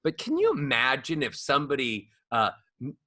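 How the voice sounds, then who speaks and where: A man teaching as a voice coach guest on a podcast, animated and demonstrating rising and falling speech melodies. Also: mid-range voice, normal speed, dry recording, studio quality. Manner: demonstrates speech melodies with sung-up acted examples. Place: studio.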